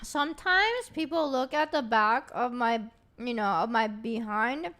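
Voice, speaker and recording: A woman's voice: fairly high pitch, expressive, unhurried, pushed and bright. A woman streamer in casual livestream chat who talks straight to her chat in a chatty, giggly way.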